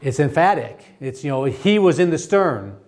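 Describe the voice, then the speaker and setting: Man, theology teacher, classroom lecture, halting, restarts often, asks the class questions. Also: fairly high pitch, sing-song, a little mellow. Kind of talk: interactive Bible study lecture.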